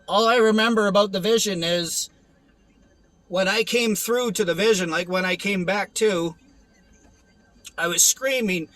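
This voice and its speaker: A man's voice: high-pitched, a bit bright, no room sound, low-quality recording. A young man giving a rambling, earnest personal testimony, with many restarts and fillers. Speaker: testimony vlogger.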